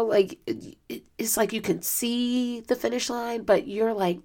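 A woman's voice: fairly high pitch, steady tone, unhurried, vocal fry, few pauses, fairly bright tone. A woman hosting a solo podcast in a casual, reflective way, speaking earnestly with many fillers, her voice strained from lost sleep. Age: adult student. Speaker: podcast host.

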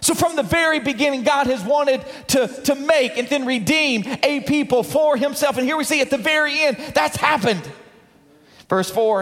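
A male pastor delivers his sermon with a strikingly high voice, loud and emphatic. He preaches in a church sanctuary, and his voice carries a long echoing reverb from the hall. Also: animated, moderate pace.

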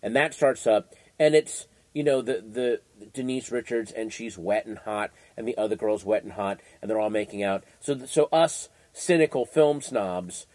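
A man guesting on a podcast, telling anecdotes in an animated, profane way. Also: fairly low pitch, normal speed, no room sound. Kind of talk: casual chat.

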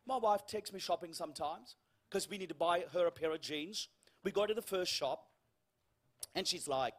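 High-voiced man preaching a humorous sermon. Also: normal speed. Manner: storytelling with humour, acting out dialogue, dropping to a hush for quoted lines. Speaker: guest preacher. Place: church.

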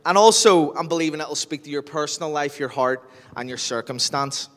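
A man's voice: a little high, brisk. A man with a Northern Irish accent preaching a sermon as pastor, telling jokey stories and acting out scenes. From Northern Ireland. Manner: animated storyteller, jokey, acts out scenes. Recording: long hall reverb.

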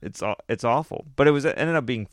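A man's voice: medium pitch, animated, quick pace, no echo, clean studio sound. A man telling stories in a casual chat, rambling and restarting sentences, laughing often.

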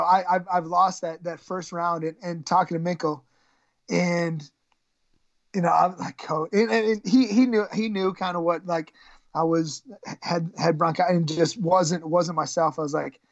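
Gravelly woman coach, stops and restarts a lot, dry dull sound. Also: fairly low pitch, no room sound. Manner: halting, repeats words, emotional retelling. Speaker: high school wrestling coach. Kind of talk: storytelling in a podcast interview.

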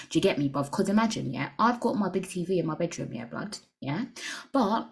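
Young woman, podcast host, lowish voice, candid, crude humor, rambling. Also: a little mellow. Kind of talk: casual solo podcast chat.

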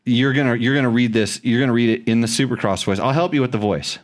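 A man's voice: mid-range voice, fast talker. A middle-aged man hosting a casual podcast, joking and teasing, often restarting his sentences. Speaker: podcast host. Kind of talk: casual chat.

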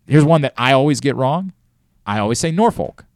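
A man's voice: mid-range voice, brisk, dry recording, clean studio sound. A man hosting a sports talk show, ranting animatedly about mispronounced names with mock outrage. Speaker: sports radio host.

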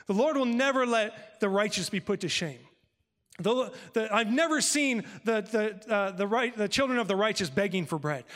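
A male pastor telling a personal story in a sermon, acting out conversations with lively shifts of voice. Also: high-pitched, moderate pace, long reverb tail. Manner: animated, acts out dialogue with God and his wife.

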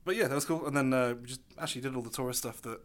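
A middle-aged English man with a British accent, co-hosting a podcast in casual chat and telling stories with lively asides. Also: mid-range voice. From England. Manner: quick, chatty storyteller, acts out voices. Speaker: podcast co-host.

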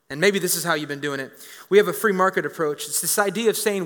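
A man in his thirties delivers a sermon in a high, bright voice. He jokes with the congregation and circles back on his words. The sound rings through a large church hall with a long reverb. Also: fast talker. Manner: energetic, joking, repeats words. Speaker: pastor.

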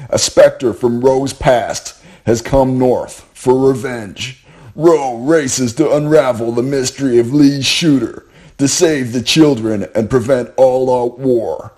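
A man putting on a dramatic movie-trailer announcer voice with an American accent, reading slowly and gravely. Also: mid-range voice, dark tone, lightly acted. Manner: slow, dramatic delivery.

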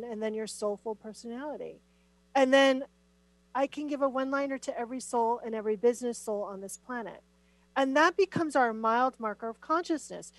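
Middle-aged woman guest on a podcast, kinda high voice, super animated and emphatic, dry close sound. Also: no room sound, low-quality recording. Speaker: podcast guest, spiritual teacher. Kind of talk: conversational podcast interview.

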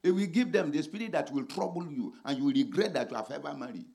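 A man preaching a sermon as a pastor, swinging dramatically between shouted lines and hushed ones. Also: on the high side, fast, vocal fry.

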